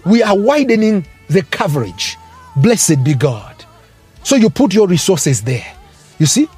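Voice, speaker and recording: A man's voice: high voice, darkish tone, breathy edge. A man preaching a fervent sermon, breaking into tongues and rising exclamations.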